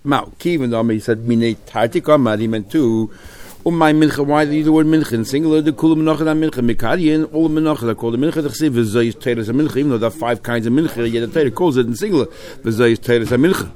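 Male Talmud teacher, lively, keeps asking the class questions. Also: medium pitch, very fast. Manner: lively, mixes Hebrew-Aramaic terms into English, rhetorical questions.

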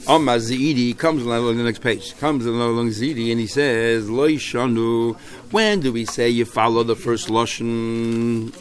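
A man's voice: mid-range voice, fairly even intonation, measured pace. A man teaching a Talmud text, thinking aloud and repeating phrases as he explains.

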